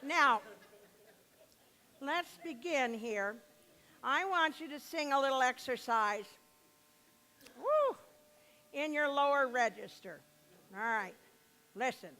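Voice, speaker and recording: A woman's voice: sits high, slow pace, long pauses, sharp tone. An older woman performing a comic monologue as a singing teacher, with grand, haughty diction that slips into brash street talk.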